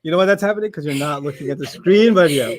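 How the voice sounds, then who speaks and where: A man's voice: fairly high pitch, quick pace. A man teaching an Arabic lesson to a class, playful and teasing, laughing often as he corrects a student.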